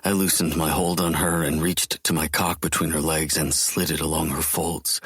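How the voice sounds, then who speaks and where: Male audiobook narrator, very deep and husky, low intense first-person read. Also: little pitch movement, normal speed, few pauses, a bit bright, no echo, clean studio sound.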